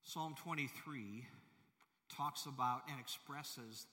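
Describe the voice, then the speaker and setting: A man's voice: medium pitch, takes it slowly, sharp tone. A male pastor preaching a sermon in a large church, emphatic and full of rhetorical questions to the congregation. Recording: long hall reverb.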